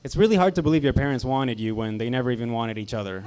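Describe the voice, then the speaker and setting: Dry self-deprecating young comedian. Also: male voice, medium pitch, lively intonation, fast talker. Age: 20s. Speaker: stand-up comedian. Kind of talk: stand-up set. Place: comedy club stage.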